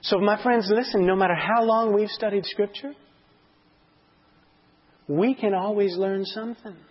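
A husky-voiced man leads a church Bible lesson, earnest and often building to excited emphasis. The recording is dull and lo-fi, as on an old sermon tape. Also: high-pitched, a little slow. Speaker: Bible class teacher.

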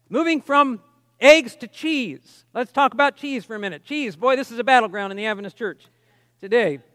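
A man's voice: extremely high pitch, a bit bright, dry recording, big-room sound. A man preaching a teaching sermon, talking conversationally with asides and reading quotations with emphasis. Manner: conversational, explains with asides and reads quotes emphatically.

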